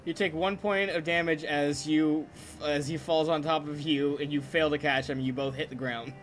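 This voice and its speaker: A man narrating a tabletop game as game master in an animated way, with frequent fillers. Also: fairly high pitch, normal speed, faint music behind.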